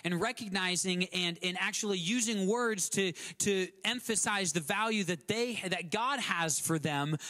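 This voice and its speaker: A high-pitched man preaches a sermon. He talks in a loose, conversational way, stumbles and repeats words, and acts out little quotes in sudden new voices. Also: fairly bright tone. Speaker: guest pastor.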